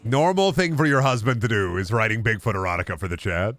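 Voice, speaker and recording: A man's voice: fairly low pitch, expressive, quick pace, hardly any pauses, fairly bright tone, no room sound. Rambling jokey male streamer. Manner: rambling, jokey, riffs on absurd bits. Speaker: game streamer. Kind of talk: casual comedic stream chat.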